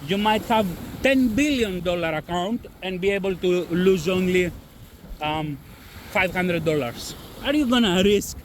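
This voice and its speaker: He speaks at a measured pace in a high-pitched voice. The trading channel host, who has a non-native English accent and a different first language, casually addresses a camera-less audience about trading risk in blunt terms, swearing and repeating himself as faint wind sounds behind him.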